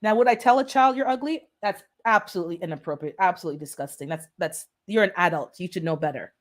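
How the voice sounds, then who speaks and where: A woman with a lowish voice talks fast while hosting her own gardening channel on a live stream. She chats casually, rambling, blunt and sarcastically funny.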